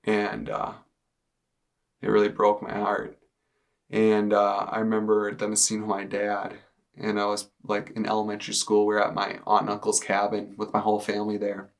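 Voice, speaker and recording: A man in his twenties giving a personal testimony to camera, in a casual, halting way with many fillers. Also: lowish voice, monotone, creaky. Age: 20s. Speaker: testimony speaker. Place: indoors, speaking to a camera.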